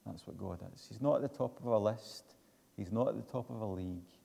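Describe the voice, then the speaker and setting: A man preaching a sermon, slow and measured, building to emphatic declarations. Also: fairly low pitch, creaky, mellow, breathy edge, long reverb tail.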